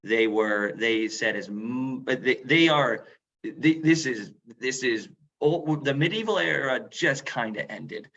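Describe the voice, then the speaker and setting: Chatty man, bright voice, lo-fi call. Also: mid-range voice, expressive, slow. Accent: northern English put on. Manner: chatty, rambling, many fillers and restarts. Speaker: museum role-player. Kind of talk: casual Q&A talk on a video call. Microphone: video call. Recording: dull lo-fi video call audio.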